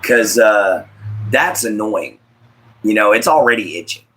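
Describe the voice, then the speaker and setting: Bright-voiced man chatting live. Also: lowish voice, lively intonation, unhurried, low-quality recording. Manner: easygoing, drawling, answers chat by name. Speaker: livestream host. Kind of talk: casual live stream chat. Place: at home, moving to back porch.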